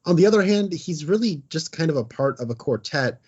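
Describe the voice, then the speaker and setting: A man's voice: a little high, expressive, a little fast, darkish tone, husky, highs cut off. A man co-hosting a podcast in casual chat, rambling and hesitant, with lots of fillers. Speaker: podcast co-host.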